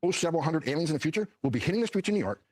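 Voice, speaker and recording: A man's voice: on the high side, very animated, racing, no echo, poor audio. A man, an official in a played clip, firing off talking points in a clipped, insistent way. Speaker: official interviewed on TV.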